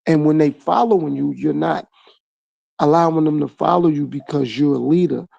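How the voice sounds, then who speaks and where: A man's voice: a little high, moderate pace, creaky, warm tone, no echo, lo-fi sound. A man hosting his own podcast, talking through a reflective solo monologue full of repeated phrases and rhetorical questions. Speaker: podcast host.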